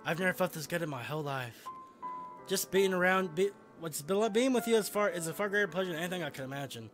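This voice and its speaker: A man reading a video game's lines as an obsessive, lovestruck teenage girl, in a soft, intense voice. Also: sits high, animated, fast, music in the background. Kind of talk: voicing game dialogue.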